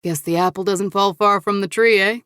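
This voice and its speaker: A woman's voice: medium pitch, fairly even intonation, normal speed, a bit bright, smooth, no room sound, studio quality, lightly acted. A woman voicing a menacing, smirking male killer in an audiobook, taunting and cold.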